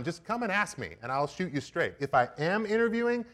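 A young preaching minister talks fast and almost without pausing in a high voice. Before the sermon in the church sanctuary, he addresses his congregation in a relaxed, joking, direct way.

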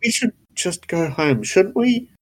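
A man's voice: sits high, very animated, unhurried, voice pushed up. A man doing a pleading homebody partner. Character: homebody partner eager to leave party.

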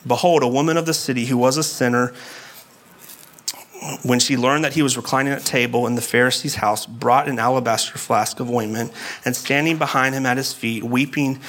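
A man's voice: medium pitch, steady tone, brisk, fairly bright tone. A man giving a sermon as a pastor, explaining scripture in a conversational way with casual asides.

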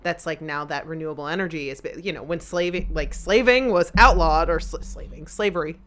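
A woman co-hosting a casual podcast chat, chatty and wry, with quick asides. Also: deep voice, fairly bright tone. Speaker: podcast co-host.

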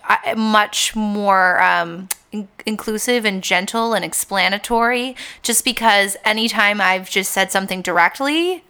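A woman's voice: medium pitch, a little slow, hardly any pauses, bright, forceful tone, clean tone. A woman who works as a teacher, talking through her thoughts earnestly with hedges in a casual podcast chat. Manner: earnest, thinks aloud with hedges.

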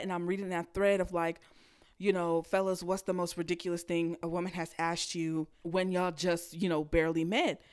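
A woman's voice: lowish voice, smooth. A woman hosting a podcast, ranting bluntly and profanely in a casual monologue and mocking the people she quotes. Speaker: podcast host.

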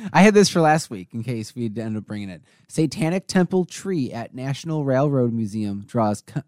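A man's voice: mid-range voice, lively intonation, moderate pace, a little mellow, no room sound, studio quality. A man co-hosting a casual podcast, easygoing and steering the talk back on topic. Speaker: podcast co-host. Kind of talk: casual chat among friends.

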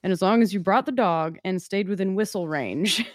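A woman's voice: medium pitch, moderate pace, no echo. Dry-sounding woman chatting thoughtfully. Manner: thoughtful, laughing easily. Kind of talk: casual chat.

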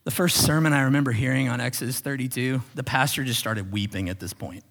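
A man preaching a sermon as pastor, animated, swinging from loud exclamations to hushed whispers. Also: medium pitch, fast, creaky. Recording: long reverb of a large hall.

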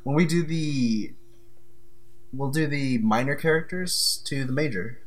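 A man's voice: mid-range voice, a little slow. A young man co-hosting a casual podcast, chatty and loose, often stumbling over his words. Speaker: podcast co-host. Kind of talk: casual chat.

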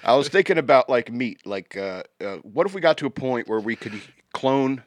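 Casting: male podcast co-host, mid-pitched, rambling and jokey, dry close-mic sound. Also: lively intonation, moderate pace, no echo. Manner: rambling, jokey, trails off and restarts. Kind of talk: casual banter.

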